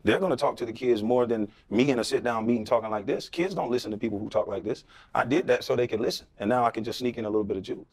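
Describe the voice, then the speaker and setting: A man's voice: medium pitch, very fast, few pauses, a little mellow. A middle-aged man, a former pro athlete, speaking bluntly and combatively as an interview guest, firing off rhetorical questions. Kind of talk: impassioned podcast interview.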